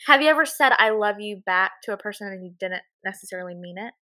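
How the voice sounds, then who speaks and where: A woman with a Southern US accent, co-hosting a podcast in casual chat and telling stories in a chatty, animated way. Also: mid-range voice. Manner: chatty, animated storytelling with quick laughs. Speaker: podcast co-host.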